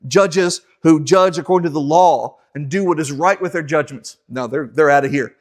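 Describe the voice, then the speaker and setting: A man's voice: on the high side, moderate pace. A man teaching a casual Bible class in a church, joking and acting out the people he quotes. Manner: joking, acts out quoted voices.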